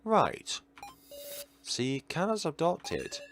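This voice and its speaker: Guy putting on a bubbly girly voice, high and bouncy, chirpy young woman in a game. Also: huge pitch swings, very slow, a bit bright, slight background noise, exaggerated voice. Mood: bright. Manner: bubbly, high and sing-song. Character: cheerful childlike young woman, talks in third person.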